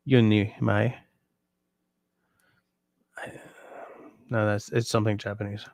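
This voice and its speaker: A sleepy, yawning man hosting a livestream, chatting casually and reading out viewer comments in a relaxed, rambling way. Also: lowish voice, moderate pace, gravelly, pauses often, dry recording. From Canada. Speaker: livestream host.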